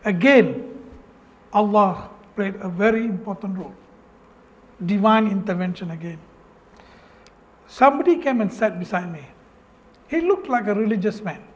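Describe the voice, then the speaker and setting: In this personal story speech, a Penang man with a fairly high voice and a Malaysian English accent speaks to an audience about his life at a moderate pace, leaving long pauses. Animated, earnest and emotional, he cuts off mid-phrase and loops back to say things again.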